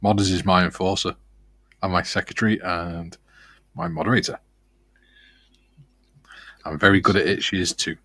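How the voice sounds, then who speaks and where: A man's voice: low voice, fairly even intonation, normal speed, pauses often, pushed and bright, no echo. A man co-hosting a model-building stream, chatting casually and reading out viewer comments, laughing easily.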